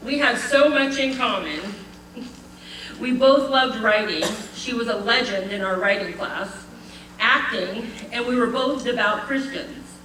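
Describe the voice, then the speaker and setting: A woman's voice: a little high, bright, forceful tone, far from the mic, slight background noise. Older woman giving a heartfelt eulogy. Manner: heartfelt, measured reading with light laughter. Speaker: eulogy speaker. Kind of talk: reading a prepared eulogy. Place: memorial gathering in a community hall. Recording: echoey hall, voice from afar.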